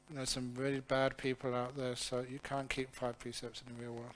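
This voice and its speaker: A man who is a Buddhist monk, giving a humorous question-and-answer talk with lively storytelling. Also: medium pitch, moderate pace. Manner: humorous, chuckling, animated storyteller.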